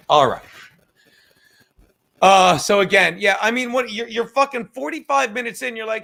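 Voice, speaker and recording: Host, male, high bright voice, profane rambling livestream chatter, self-mocking. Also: unhurried, gravelly, long pauses. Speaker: podcast host reading live chat. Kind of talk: casual crude livestream chat.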